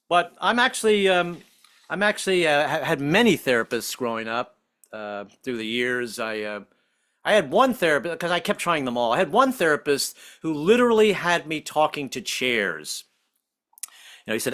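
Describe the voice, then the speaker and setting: This is a man in his fifties telling a stand-up set live from home over a video call. He talks in a bright, forceful way with a raised pitch. He keeps jumping into loud, shrill voices to act out the people in his jokes. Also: expressive, brisk. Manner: jokey, acts out other voices in high shrill tones. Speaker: stand-up comedian.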